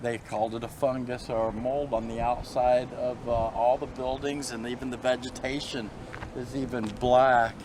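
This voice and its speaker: Regular guy explaining stuff, lots of uh and restarts, mid voice, loud noise around. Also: medium pitch, little pitch movement, moderate pace. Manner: hesitant, many fillers. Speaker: traveller on a distillery trip. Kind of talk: casual chat.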